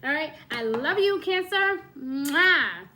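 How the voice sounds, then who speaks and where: A woman giving a casual astrology reading to camera, coaxing and lively, often checking in with her listener and laughing between points. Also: high-pitched, slow pace, a little hiss or hum. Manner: coaxing, keeps saying "my love" and "okay?". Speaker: astrology reader.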